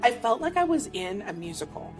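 A woman's voice: fairly high pitch, very animated, fairly quick, music in the background. A middle-aged woman, an actress, telling stories in an interview in a chatty way, full of "like", acting out the voices in her anecdotes. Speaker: actor and singer, interview guest. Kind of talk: animated storytelling in a sit-down interview.

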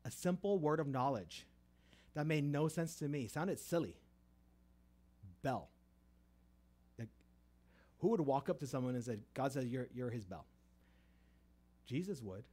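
A middle-aged man preaches a sermon in a mid-pitched voice. He tells a story with frequent restarts. His voice swells loud on key words, then sinks to a hush. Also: measured pace, pauses often. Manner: lively storytelling with many restarts, rising loud for emphasis and dropping soft.

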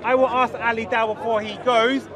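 A man arguing his point in an outdoor debate, measured and persistent. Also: very high-pitched, level tone. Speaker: Christian street debater. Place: busy outdoor park with a crowd. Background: crowd talking.

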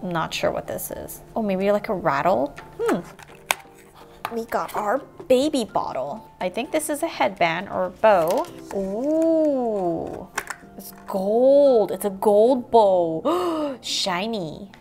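A woman's voice: medium pitch, very animated, takes it slowly, creaky, darkish tone, faint music behind. A woman with a bubbly, playful manner, narrating a toy unboxing in a casual way. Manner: bubbly, playful, gasps and giggles.

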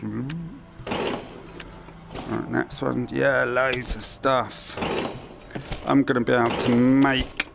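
A man muses aloud through a let's-play, unhurried and gravelly, muttering his plans into a headset mic. Faint game sounds hum behind him. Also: mid-range voice. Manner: thinking aloud, muttering to himself. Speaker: gamer.

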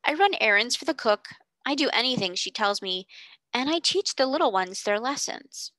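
A woman reading aloud, voicing a composed orphan girl with a soft, quietly firm manner. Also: on the high side, expressive, moderate pace, dry recording, voice pushed up. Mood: earnest.

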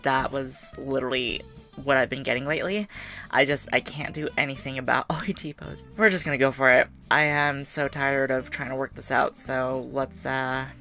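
Tired hoarse woman, low gravelly voice. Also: sharp tone. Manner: rambling, chatty, frequent laughs and fillers. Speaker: gaming video creator. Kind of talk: casual gameplay commentary.

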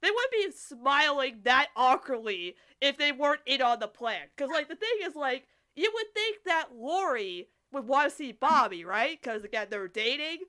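Woman podcast host, high voice, animated and rambling, casual fan chat. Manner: animated, rambling, quick to laugh.

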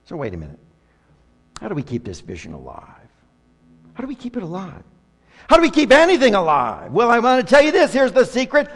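A middle-aged man preaching a sermon as pastor, swinging between hushed and loud, impassioned delivery. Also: extremely high pitch. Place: church sanctuary. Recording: long hall reverb.

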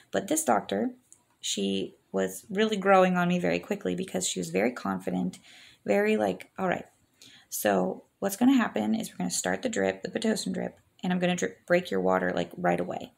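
A woman's voice: medium pitch, creaky. A woman in her thirties casually telling her birth story to camera, chatty and full of "like", laughing between lines and acting out what she and the doctors said.

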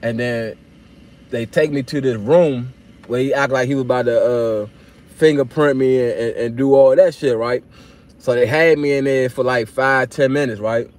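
A young man casually telling a story straight to his viewers, animated and full of slang, acting out his own replies as he goes. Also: mid-range voice, moderate pace. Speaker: vlogger telling a personal story.

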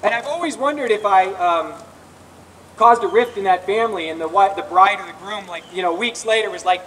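A man with a high, bright, forceful voice gives a confessional testimony to an open-air crowd, circling back over his words. He is picked up from a distance, with faint outdoor ambience underneath. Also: a little fast, slight background noise. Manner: earnest and confessional, with frequent restarts. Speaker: speaker at a recovery rally. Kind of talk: personal testimony speech. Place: outdoor rally in a public square.

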